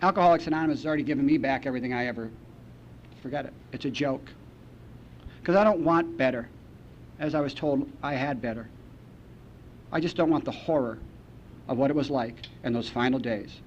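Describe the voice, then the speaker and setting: A man speaking at a recovery meeting, telling a personal story in a wry, deadpan storytelling way, on a muffled archival recording. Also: mid-range voice, a little fast, pauses often. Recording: muffled archival tape with faint noise.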